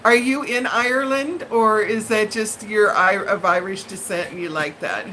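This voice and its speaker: A woman's voice: medium pitch, moderate pace, few pauses, sharp tone, slight background noise, poor audio. A woman hosting a live stream from home, chatting casually with viewers in a rambling, friendly way with lots of fillers. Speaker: livestream host chatting with viewers. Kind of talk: casual live-chat monologue.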